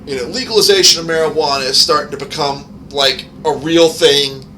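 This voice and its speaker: A man's voice: a little high, brisk, bright, forceful tone. Profane ranting man in his thirties. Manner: profane, rambling, heated rants. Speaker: gaming channel host. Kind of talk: ranting casual commentary. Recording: noisy home recording.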